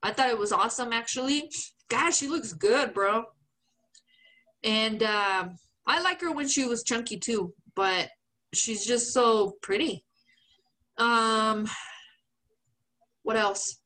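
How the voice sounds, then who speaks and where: A woman's voice: a little high, takes it slowly, pauses often, bright, forceful tone, poor audio. A woman co-hosting a podcast, telling a story in casual chat, swearing and laughing often. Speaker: podcast co-host.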